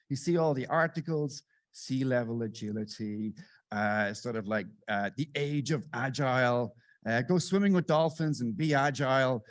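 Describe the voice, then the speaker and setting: A middle-aged man giving a satirical keynote on a conference stage, sarcastic and animated, swinging between loud bursts and muttered asides. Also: on the high side, dry recording. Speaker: conference speaker. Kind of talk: satirical stand-up style keynote.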